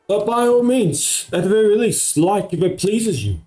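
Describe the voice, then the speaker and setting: Rambling streamer man, mellow voice. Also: high-pitched, animated, normal speed, faint music behind, low-quality recording. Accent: American-sounding. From Australia. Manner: rambling, many fillers. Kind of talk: casual live-stream chat. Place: home at night.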